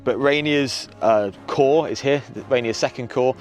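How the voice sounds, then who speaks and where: A man guiding a walk across a battlefield, explaining events in a lively, conversational way, outdoors on a rocky hillside. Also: medium pitch, unhurried, faint music behind. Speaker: historian guide.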